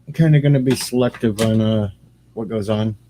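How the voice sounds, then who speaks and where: A man's voice: fairly low pitch, a little fast, mellow, a little hiss or hum. A man casually chatting on his livestream, rambling and greeting viewers by name. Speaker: streamer and radio host.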